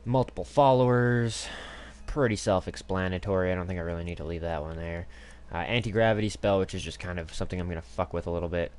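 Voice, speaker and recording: Streaming a game live, this man rambles through crude, profane commentary full of fillers. He talks fast in a low, smooth voice with a darkish tone.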